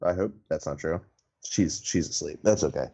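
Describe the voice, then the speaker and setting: This podcast co-host has an extremely low, gravelly yet mellow voice and talks at a normal pace. Recorded through a remote call mic in lo-fi online quality with slight background noise, he chats casually, rambling, laughing and starting his sentences over.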